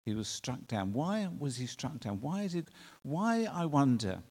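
Male preacher, earnest sermon delivery, mid pitch, long hall reverb. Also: big pitch swings, darkish tone. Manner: earnest, drawn-out emphatic phrasing with rhetorical questions.

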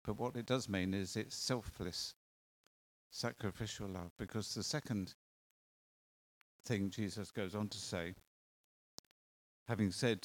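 A man's voice: lowish voice, fairly even intonation, a little slow, pauses often. A man preaching a sermon in an earnest, conversational way, asking the congregation questions.

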